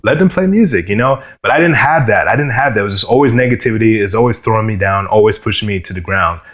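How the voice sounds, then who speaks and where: A young man from New York sharing his personal testimony as a guitarist, earnest and halting, often saying "you know" and "man.". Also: lowish voice, fairly bright tone. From New York, USA.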